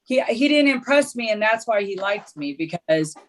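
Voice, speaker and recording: A woman's voice: mid-range voice, expressive, moderate pace. A middle-aged woman, a guest on a casual video-call chat show, telling stories in a chatty way with frequent laughs. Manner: chatty storyteller, laughs often.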